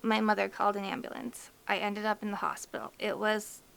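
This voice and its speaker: A woman's voice: medium pitch, monotone, a little fast, creaky, a bit bright, clear, resonant tone. A woman vlogger giving a candid, emotional personal update, chatty and full of "like" and "you know". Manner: emotional, fighting back tears.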